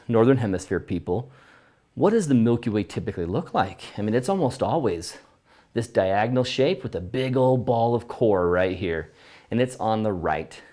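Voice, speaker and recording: A man in a home studio teaches photography composition to a live audience, his voice pitched at an everyday middle level. He is enthusiastic and thinks out loud, and he breaks off now and then to answer viewer comments. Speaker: photography instructor. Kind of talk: live-stream teaching with screen demo.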